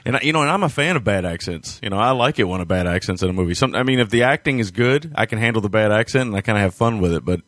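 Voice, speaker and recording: A man's voice: lowish voice, expressive, very fast, hardly any pauses, a bit bright, dry recording, clean studio sound. A man co-hosting a film podcast, talking casually with many hesitations and frequent laughs. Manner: rambling, hesitant, laughs often. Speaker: podcast co-host. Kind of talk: casual chat.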